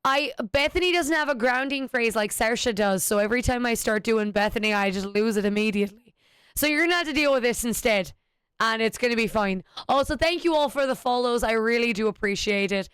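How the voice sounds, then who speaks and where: A woman's voice: a little high, fairly quick, a bit bright, smooth, dry recording, clean studio sound. A woman streaming a game, chatting casually with self-deprecating jokes. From United States. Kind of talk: casual live-stream chat.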